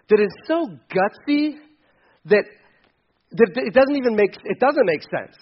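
High-voiced pastor preaching casually. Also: male voice, sing-song, a little slow, long pauses, lo-fi sound. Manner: conversational, self-correcting, joking asides. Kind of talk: sermon.

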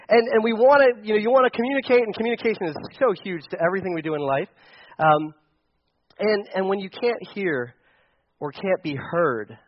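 A man's voice: high voice, highs cut off. A young man preaching a sermon as a pastor, conversational and storytelling, with frequent restarts. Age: young adult.

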